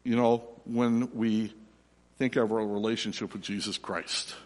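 A middle-aged man, preaching a sermon and telling a lively personal story before turning quiet and slow. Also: on the low side. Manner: animated storyteller, drops to soft and slow for reflection. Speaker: pastor. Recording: long reverb of a large hall.

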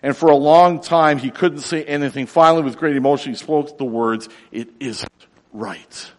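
A pastor preaching a sermon with drama, dropping to near whispers and then rising to loud cries. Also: male voice, fairly high pitch, brisk. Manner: dramatic, swings from hushed to loud. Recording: reverberant hall.

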